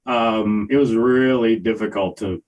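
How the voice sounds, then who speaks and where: An older man co-hosting a music review podcast, talking in a casual, hesitant way with many pauses and fillers. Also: on the low side, darkish tone, muffled recording. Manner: slow, hesitant, many ums and uhs. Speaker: podcast co-host reviewing albums. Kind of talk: casual chat.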